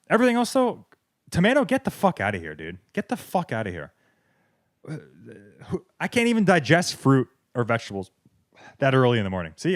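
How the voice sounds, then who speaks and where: A man's voice: mid-range voice, no echo, clean studio sound. A man, hosting a podcast and ranting sarcastically with heavy swearing. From American South. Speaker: podcast host. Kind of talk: comedic rant. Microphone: wireless clip-on mic.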